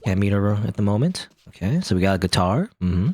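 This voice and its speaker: Chatty let's-play man, low voice with lively swings, rambling game commentary. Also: fairly quick, husky.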